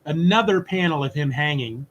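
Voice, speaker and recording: A man's voice: on the high side, muffled recording, slight background noise. A man co-hosting a podcast, casually and animatedly retelling a comic story and briefly acting out its characters. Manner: animated retelling, voices characters in quick asides. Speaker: podcast co-host. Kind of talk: casual comic recap chat.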